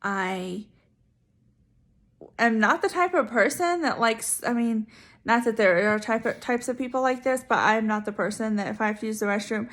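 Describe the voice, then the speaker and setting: A woman's voice: on the high side, moderate pace, a bit bright. A young woman telling a personal story in a chatty way, with many fillers and asides. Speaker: vlogger sharing her story. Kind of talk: casual storytelling.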